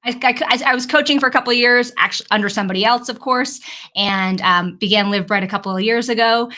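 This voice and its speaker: A woman's voice: on the high side, fairly even intonation, fast, bright, forceful tone. A woman who runs a cleaning service and a coaching business, chatting as a guest on a video call. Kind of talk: casual panel chat.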